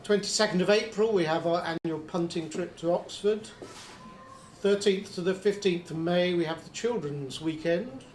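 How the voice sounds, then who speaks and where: A man's voice: high-pitched, normal speed, echoey room, a little hiss or hum. A man hosting a club evening, reading announcements loosely with fillers. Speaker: club host.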